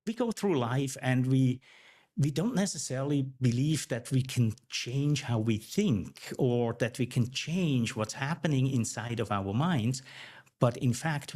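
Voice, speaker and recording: A man's voice: mid-range voice, lively intonation, slow pace, a little mellow. A man guest on an interview podcast, a communication coach, explaining ideas reflectively and often checking in with "right?". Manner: reflective, tags points with "right?". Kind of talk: interview answers.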